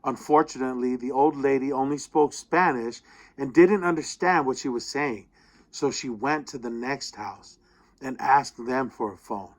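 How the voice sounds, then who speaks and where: A man reading a student's personal essay aloud, with expressive storytelling that slows down at the tense moments. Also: mid-range voice.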